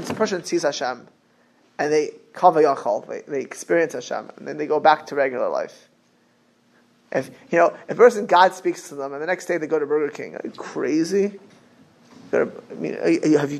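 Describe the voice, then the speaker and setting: Animated rabbi with a higher voice. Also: male voice, gravelly. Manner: animated, joking, acts out scenes, weaves in Hebrew and Yiddish terms. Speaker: rabbi teaching a class. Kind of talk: lively Torah class.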